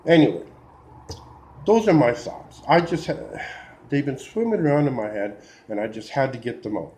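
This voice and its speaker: Man, video rant, exasperated, heated, mellow voice, lively pitch swings. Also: brisk, slight background noise, poor audio. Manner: heated, exasperated, with restarts and sighs. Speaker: video blogger. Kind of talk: opinion rant to camera.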